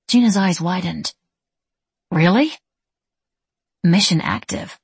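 Husky woman narrating a novel. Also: on the low side, moderate pace, no echo. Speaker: audiobook narrator. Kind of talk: scripted narration.

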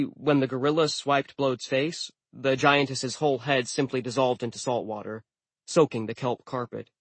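A man reads a first-person novel aloud in scripted narration, mid-pitched and even. His delivery is wry and deadpan. The recording is dry and close. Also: no echo. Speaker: audiobook narrator.

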